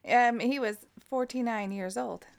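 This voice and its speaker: An excitable woman co-hosting a loose, casual podcast. She laughs often and swears freely. She comes from Colorado. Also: a little high, measured pace, creaky. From Colorado, USA. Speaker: podcast co-host. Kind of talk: casual chat.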